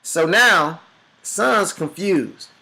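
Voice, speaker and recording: Animated, bright-voiced male storyteller. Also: sits high, drawn-out words, vocal fry. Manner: animated, dramatic storyteller addressing a group. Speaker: business speaker. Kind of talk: motivational storytelling talk.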